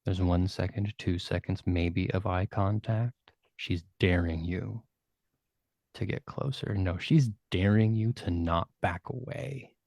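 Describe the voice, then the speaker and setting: A man narrating a tabletop role-playing game as game master, with vivid, measured storytelling and hushed dramatic turns. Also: low-pitched, gravelly, no echo.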